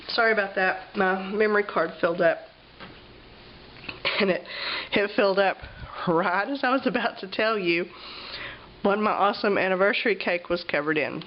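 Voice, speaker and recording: Woman, coughing and clearing her throat, casual vlog chat, lots of ums, muffled lo-fi sound. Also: medium pitch, normal speed, long pauses, slight background noise. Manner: chatty, with frequent ums. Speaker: vlogger. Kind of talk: casual travel journal flip-through.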